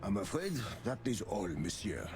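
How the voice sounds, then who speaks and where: An actor playing a towering, formally courteous bull bouncer in a game. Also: male voice, sits low, big pitch swings, moderate pace, music in the background. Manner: formal, courteous, calls everyone gentlemen or sir. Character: towering polite bull bouncer at a club door. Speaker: game character.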